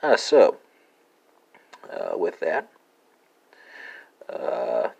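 A man's voice: low voice, wildly swooping pitch, very slow, vocal fry, a little mellow, husky, highs cut off. A man hosting a language lesson podcast, talking hesitantly with many fillers and spelling words out letter by letter.

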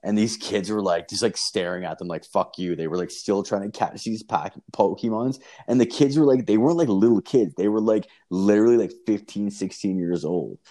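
A young man from Canada with a very low voice spins a rambling story, swearing constantly. His delivery is loose and casual, packed with fillers and restarts. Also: fairly quick, hardly any pauses, mellow. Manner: profane, rambling, lots of fillers.

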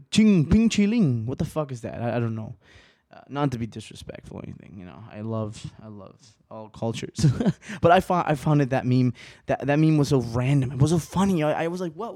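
A man's voice: mid-range voice, a little mellow, no echo, studio quality. A young man hosting a casual solo podcast, rambling, laughing and swearing constantly, sometimes stretching words out. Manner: uneven pace, some words stretched. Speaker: podcast host.

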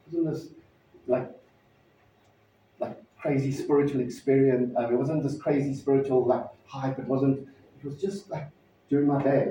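A pastor telling a personal story in a sermon, conversational and halting, with frequent restarts. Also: male voice, medium pitch, dark tone, a little hiss or hum. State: emotional, near tears. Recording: distant mic in echoey hall, dull sound.

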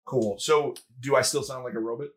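Husky-voiced, rambling podcast co-host. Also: medium pitch, steady tone, brisk, poor audio. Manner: rambling, lots of fillers and restarts. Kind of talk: casual podcast chat about video games. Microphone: remote call over Discord.

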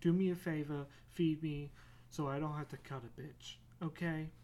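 A demanding female house cat with a filthy mouth, as a man puts her on. She nags and taunts in a sarcastic, impatient tone, pitched a little higher and pushed louder than his normal speech. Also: fairly even intonation, normal speed, natural voice.

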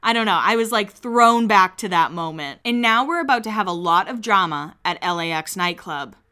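A woman's voice: mid-range voice, animated, moderate pace, pushed and bright, clear, resonant tone. A woman casually recapping a reality show, chatty and candid, swearing freely and acting out quotes.

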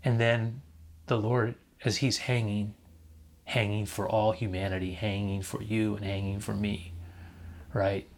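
A man's voice: fairly low pitch, little pitch movement, measured pace. A man preaching a reflective sermon, building to emphatic moments and asking listeners to repeat after him.

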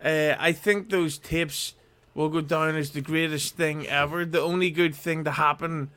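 A man's voice: on the high side, fairly even intonation, unhurried, a bit bright, smooth. A man co-hosting a casual podcast over a video call, teasing the others with crude shock humor.

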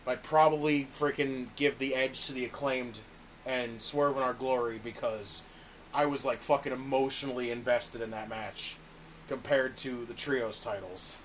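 A man's voice: mid-range voice, fairly even intonation, moderate pace, fairly bright tone, slight background noise. A man co-hosting a casual podcast, ranting with exasperation and constant swearing. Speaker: podcast co-host reviewing wrestling. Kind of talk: casual profane chat.

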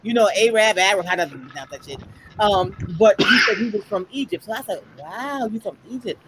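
A woman's voice: medium pitch, lively intonation, quick pace, very noisy. A woman chatting on a podcast, telling stories animatedly and acting out the voices she quotes. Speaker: podcast panelist. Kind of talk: casual chat.

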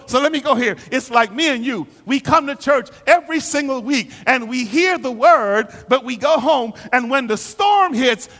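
A male pastor preaching a sermon in a church, his delivery rising into fervent shouting. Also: extremely high pitch, in a large hall.

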